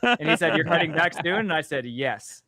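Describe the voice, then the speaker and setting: A comic creator telling stories in a lively, swearing manner, playing out everyone's lines. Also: male voice, on the high side, normal speed. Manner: lively, profane, acts out quotes. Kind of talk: casual storytelling chat.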